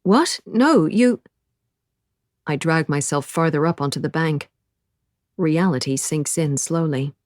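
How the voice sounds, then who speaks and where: A woman's voice: deep voice, flat delivery, normal speed, dry recording, clean studio sound. A woman narrating a novel in the first person, with an intense, breathless inner-monologue delivery. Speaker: audiobook narrator.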